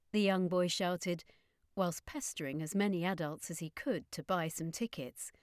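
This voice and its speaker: A woman's voice: on the low side, measured pace, no echo, clean studio sound. Woman reading a story aloud. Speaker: audiobook narrator. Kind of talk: storybook narration.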